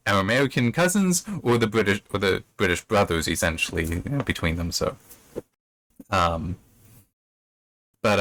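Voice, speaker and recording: In a relaxed review of a book chapter, a male channel host meanders through the story and slips into playful impressions of characters. His voice sits on the low side with a bit of brightness, and there's no echo.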